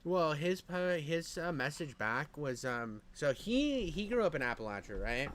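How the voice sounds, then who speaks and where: A man's voice: a little high, sing-song, measured pace, fairly bright tone. A man from Nevada in casual conversation, rambling and swearing, with "dude" and "bro" in almost every sentence. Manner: rambling, profane, says "dude" and "bro" a lot. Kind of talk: casual chat.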